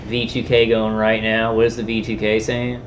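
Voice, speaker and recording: A man's voice: on the low side, completely flat delivery, a little hiss or hum. Rambling man on a dull recording. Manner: halting, many restarts and fillers. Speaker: vlogger. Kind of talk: rambling personal monologue. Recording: dull lo-fi sound.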